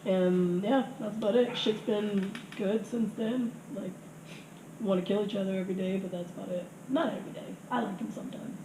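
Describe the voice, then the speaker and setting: A woman's voice: mid-range voice, normal speed. A woman in her thirties telling crude stories in casual chat, laughing often and acting out what people said. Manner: crude, laughing, animated storytelling with acted quotes. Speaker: podcast guest telling stories. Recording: echoey room with faint noise.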